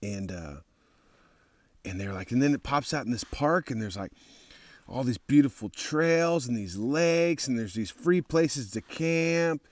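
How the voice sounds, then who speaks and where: A man from Texas, a motorcycle traveler, telling a rambling, profane travel story in a casual, excitable way. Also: mid-range voice, unhurried, no echo.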